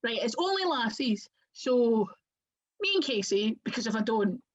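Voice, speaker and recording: Woman, Scottish accent, chatty, rambling, fairly high voice, muffled lo-fi sound. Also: big pitch swings, normal speed. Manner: chatty, rambling with many "like" fillers. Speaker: guest wrestler. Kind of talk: casual interview chat. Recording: muffled lo-fi audio.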